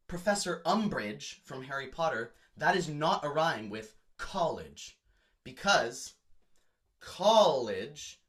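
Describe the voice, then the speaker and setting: Animated man teaching rhyme. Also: medium pitch. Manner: animated, explanatory, emphatic on examples. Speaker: music educator. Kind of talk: lecture on song lyrics.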